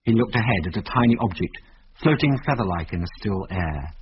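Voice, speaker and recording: A man narrating an adventure story in a measured, vivid reading. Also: on the low side, lively intonation. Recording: dull lo-fi radio recording with faint hiss.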